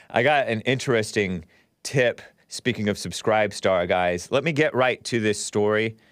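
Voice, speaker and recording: A man hosting a live-streamed call-in talk show, animated and jokey, chuckling as he reads chats. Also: fairly low pitch, unhurried, dry recording, studio quality. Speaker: show host.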